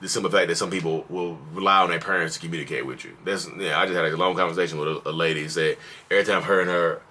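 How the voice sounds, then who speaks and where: A man's voice: low-pitched, very fast, a little hiss or hum. A man hosting a mental health vlog, giving casual, preachy advice straight to camera, repeating himself for emphasis and breaking into acted voices. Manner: preachy, repetitive, animated, slips into acted voices.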